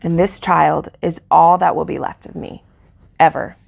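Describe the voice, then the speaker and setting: Woman reading tender solemn warrior husband, quiet read-aloud, gravelly low voice, no accent. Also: steady tone, moderate pace, heavily acted.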